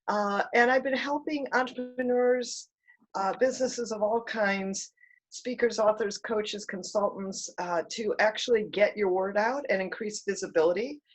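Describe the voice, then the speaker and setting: A woman giving an energetic, upbeat talk to a business group over a video call, with a husky voice. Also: mid-range voice, rough recording. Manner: energetic, upbeat, coaching tone with filler words. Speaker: guest speaker on publicity.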